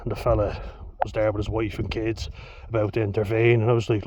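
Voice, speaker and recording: A man's voice: on the low side, level tone, fairly quick, hardly any pauses, a little mellow. A young Irish man telling a story in a casual, blunt way, swearing freely and laughing between lines. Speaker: vlogger. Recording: dull lo-fi with faint hiss.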